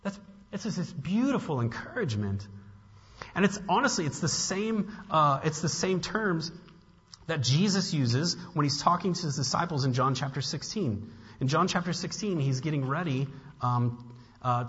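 A pastor preaching a conversational sermon, with frequent restarts and casual fillers. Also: male voice, fairly high pitch, animated, moderate pace, fairly bright tone. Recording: dull sound with long hall reverb.

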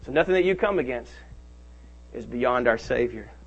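A male pastor preaching a sermon to his congregation. He leans hard on key phrases and draws them out slowly. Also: mid-range voice, expressive, vocal fry, highs cut off. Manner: preaches with rising emphasis and slow, drawn-out key phrases. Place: church sanctuary.

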